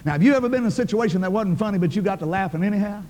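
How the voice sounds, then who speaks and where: An older man preaches in a brisk, high-pitched voice. He tells his story in a folksy, emphatic way, and his words ring out in a large, echoing hall. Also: a little mellow, a little hiss or hum. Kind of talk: sermon storytelling.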